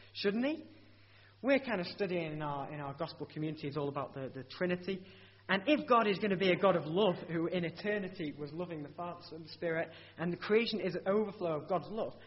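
Guy giving a sermon, kinda high voice, husky, lots of restarts, muffled lo-fi sound. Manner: earnest, conversational, with many restarts and rhetorical questions. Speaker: preacher. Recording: dull lo-fi recording.

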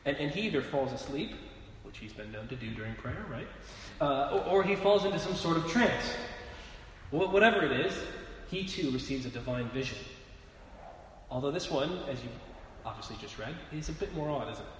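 A man's voice: a little high, lively intonation, brisk. A man preaching a sermon in a conversational way, asking rhetorical questions and often restarting his words, in a church hall. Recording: echoey hall with long reverb, faint noise.

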